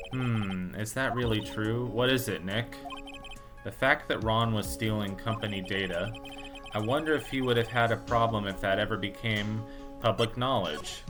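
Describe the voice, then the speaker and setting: A low-pitched man reads a courtroom game's dialogue aloud, jumping between the characters' lines and his own silly jokes. He keeps it loose and playful. Game music plays clearly behind him. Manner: jokey, riffs and puns between lines, quick asides. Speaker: let's play host reading game dialogue aloud. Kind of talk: playful let's play narration with voiced characters.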